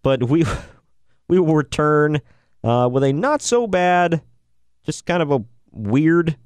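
A man's voice: fairly high pitch, slow, clean tone, no echo. A man co-hosting a wrestling podcast, chatting casually and joking around with frequent laughs. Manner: jokey, laughs often, excitable. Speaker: podcast co-host.

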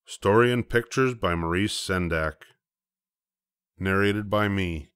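An older man reading a children's storybook aloud, slow and gentle. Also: low voice, clean tone, dry recording, studio quality. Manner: slow, gentle, measured narration. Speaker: storybook reader. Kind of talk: bedtime story read-aloud.

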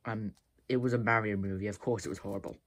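A man's voice: lowish voice, steady tone, quick pace, gravelly, voice pushed down. A man voicing a rude, irritable male hedgehog plush in a puppet reaction video, snapping and ordering his guest out of the house. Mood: grumpy.

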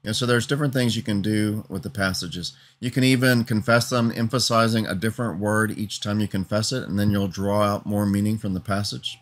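A man's voice: lowish voice, steady tone, a little fast, few pauses. A man preaching an earnest teaching sermon, building emphatic lists and often asking "Amen?" for assent.

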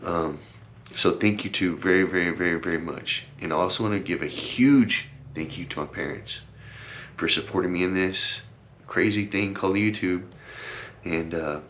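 Talking to the camera at a moderate pace, a young vlogger uses a low, fairly bright voice against slight background noise. It's casual, heartfelt talk: rambling, earnest, full of fillers and thank-yous, and teary at times.

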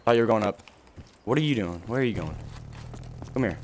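Lively young man trash-talking over gunfire. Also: on the low side, fairly quick. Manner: animated, trash-talking, sudden shouts at opponents. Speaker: gaming commentator. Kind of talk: live gameplay commentary. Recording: game gunfire noise behind the voice. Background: in-game gunfire and explosions.

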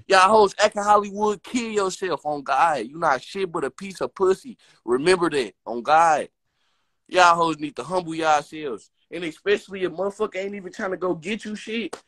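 A man's voice: sits high, fairly bright tone. A young man and rapper giving a heated, profane live-stream rant full of slang trash talk.

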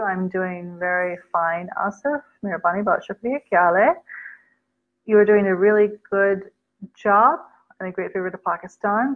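A woman hosting a casual live chat, reading out viewer comments and mixing in Urdu words as she answers. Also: medium pitch. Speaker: livestream host answering viewer questions. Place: Islamabad. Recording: dull lo-fi sound.

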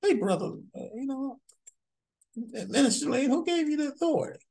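A man putting on a shrill scoffing challenger. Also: expressive, normal speed, creaky, a little mellow, heavily acted. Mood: mocking. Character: scoffing male challenger, indignant and mocking.

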